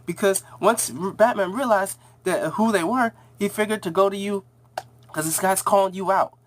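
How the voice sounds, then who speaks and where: A man casually recapping and reviewing a TV episode, rambling in slang and acting out the characters' lines in quick voices. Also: high voice, slight background noise.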